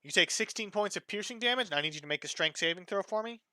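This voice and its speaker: A man's voice: sits high, expressive, fast talker, sharp tone, a little hiss or hum. A man acting as dungeon master, casually narrating a tabletop game with plenty of fillers.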